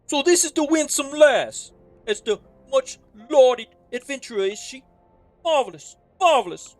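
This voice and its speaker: A woman's voice: high-pitched, lively intonation, a little slow, a little mellow, no room sound, soft background music, pitched above the performer's own voice. A woman voicing a courteous middle-aged male innkeeper in a game, with a put-on New Jersey wise-guy accent and formal speech. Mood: courtly. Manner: formal, old-fashioned speech. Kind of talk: voicing game dialogue on a stream.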